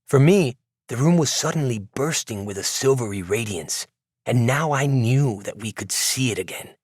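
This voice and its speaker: A man narrating a novel in the first person, in a reflective, measured way. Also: medium pitch, lively intonation, a little mellow, husky, dry recording, studio quality. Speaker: audiobook narrator. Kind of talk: scripted narration.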